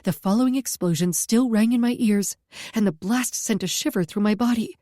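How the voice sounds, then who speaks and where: A woman reading a first-person story aloud at a steady pace, close to the mic. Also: mid-range voice, moderate pace, dry recording. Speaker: audiobook narrator.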